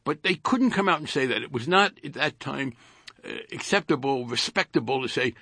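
An older man with a New Jersey accent, a retired congressman in a radio interview, speaking haltingly with dry wit and repeated words. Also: mid-range voice, lively intonation, pushed and bright, no room sound.

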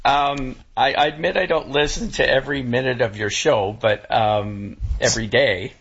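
A man talking as a guest in casual chat, halting and full of restarts, close to tears. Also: medium pitch, fairly bright tone, breathy edge. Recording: dull lo-fi sound.

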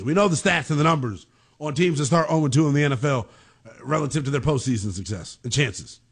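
A man hosting a sports talk show, giving heated, emphatic commentary with casual slang. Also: a little high. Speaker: sports radio host.

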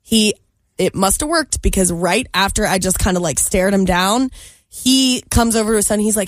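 A woman's voice: medium pitch, normal speed, no echo. A young woman co-hosting a morning radio show, telling a story in casual chat, full of "like" and little laughs. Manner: chatty, storytelling, lots of likes and laughs. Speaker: radio co-host.

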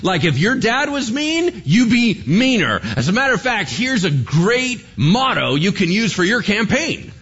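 A male pastor preaches with a husky, slightly rough voice that leaps wildly up and down in pitch. He keeps firing rhetorical questions at his congregation. The recording sounds dull and lo-fi. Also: big pitch swings, measured pace, hardly any pauses, a bit bright. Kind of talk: sermon.

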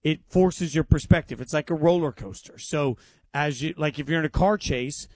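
An excitable man in his forties bantering on sports radio, his voice sitting a bit high. He pitches ideas with eager energy into a studio mic. The sound is dry and close. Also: normal speed, no room sound. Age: 40s.

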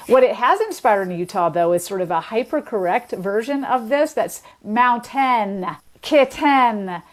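A woman's voice: mid-range voice, sing-song, normal speed. A woman guest speaking in an explanatory, lecture-like way, carefully spelling out words and examples. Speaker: linguist guest. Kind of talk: explanatory conversation.

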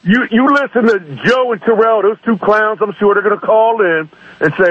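A man calling in to a talk radio show, ranting indignantly in rapid bursts over a muffled phone line. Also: sits high, husky. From East Baltimore. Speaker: caller. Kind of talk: call-in radio rant.

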